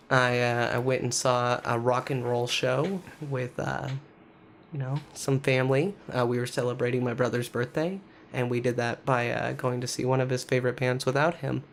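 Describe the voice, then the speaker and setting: Sick, nasal man with a gravelly voice. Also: mid-range voice, normal speed, a little hiss or hum. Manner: dry, deadpan humor. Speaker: podcast co-host. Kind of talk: casual podcast chat.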